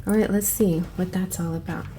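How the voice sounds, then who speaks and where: Casual female host reviewing cards; gushing, rambling, warm-toned and low, slight background hiss. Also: brisk. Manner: chatty and excitable, thinks aloud with restarts. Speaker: tarot channel host. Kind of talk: casual card flip-through review.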